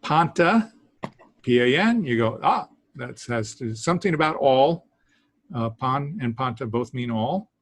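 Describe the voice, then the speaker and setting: A man teaching a beginners' language class, talking haltingly with many fillers and small laughs. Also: medium pitch, animated, no room sound. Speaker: Greek teacher. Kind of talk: classroom lesson.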